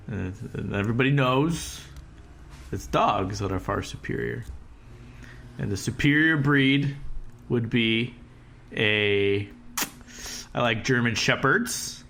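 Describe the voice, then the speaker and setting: A man heckles his co-hosts on a loose podcast. His voice is bright and forceful at a middle pitch. He teases with playful swearing. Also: slight background noise. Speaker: podcast co-host. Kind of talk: casual podcast banter.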